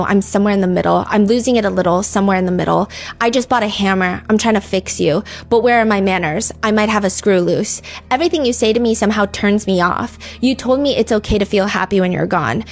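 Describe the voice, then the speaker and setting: A woman's voice: mid-range voice, quick pace. A woman hosting a true crime show in a casual, chatty way, reading song lyrics and comments aloud with many "like" fillers.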